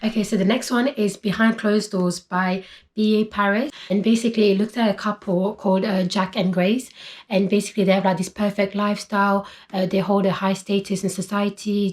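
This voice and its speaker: A young woman vlogger chatting casually about books, using lots of fillers like "like" and "basically". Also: medium pitch. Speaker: book vlogger. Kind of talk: casual book haul chat.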